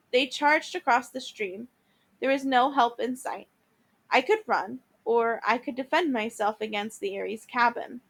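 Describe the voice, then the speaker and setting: A teacher reading a novel aloud to listeners, with small restarts and repeated words along the way. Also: female voice, fairly high pitch. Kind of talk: read-aloud storytelling.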